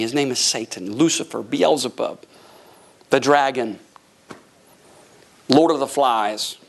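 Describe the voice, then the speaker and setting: A middle-aged man preaching a sermon, telling stories and acting out voices in a jokey, animated way. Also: mid-range voice, vocal fry. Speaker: pastor. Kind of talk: lively sermon with storytelling.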